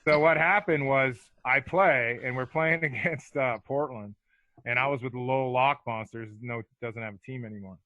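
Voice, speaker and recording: Heard through phone-quality sound with no room echo, this man in his forties, once a hockey enforcer, speaks in a mid-range voice at normal speed. Guesting on a podcast, he spins relaxed, profane stories peppered with filler in casual conversation.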